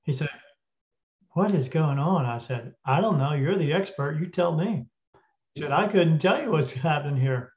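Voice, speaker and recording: Male podcast guest, slightly high voice, retells a story with acted-out dialogue, frequent throat clearing, lo-fi recording. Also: moderate pace. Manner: animated retelling with quoted dialogue. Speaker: guest spirit medium. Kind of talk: casual storytelling. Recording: dull lo-fi audio.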